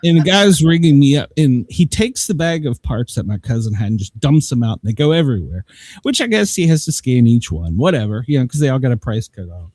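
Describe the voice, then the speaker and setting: A man's voice: medium pitch, big pitch swings, brisk, darkish tone, dry recording. A man hosting a live show, telling a long rambling story with plenty of laughs and swearing, acting out both sides of each conversation. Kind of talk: casual storytelling.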